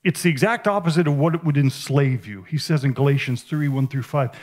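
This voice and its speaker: A man preaching a sermon at a conference, animated and emphatic with playful, self-mocking humor, dropping to soft asides and rising to loud exclamations. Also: on the high side, a little fast, few pauses. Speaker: conference speaker. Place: conference stage.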